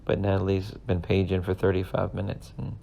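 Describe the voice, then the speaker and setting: Podcast host, thirties man, low and gravelly, earnest rambling storyteller. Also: monotone, brisk, mellow. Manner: rambling, earnest, emotional at times. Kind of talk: casual storytelling monologue.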